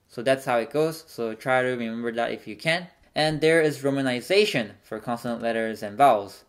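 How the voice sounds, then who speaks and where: A man giving a language lesson in a patient, steady way. He breaks words into single sounds and repeats them slowly so learners can follow. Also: mid-range voice, clean tone. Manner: patient, demonstrates syllables slowly one by one. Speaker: Korean language teacher.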